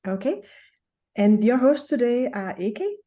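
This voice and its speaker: A woman co-hosting a podcast, introducing the guest and responding warmly. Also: fairly high pitch, big pitch swings, unhurried. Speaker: podcast co-host. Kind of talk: scripted introduction and casual chat.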